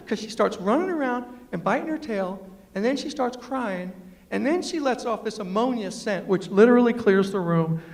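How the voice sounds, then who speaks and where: A man giving a humorous storytelling speech at a university, punchy and emphatic, acting out the lines he quotes. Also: high-pitched. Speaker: storyteller and motivational speaker. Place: university lecture hall. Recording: echoey hall, long reverb.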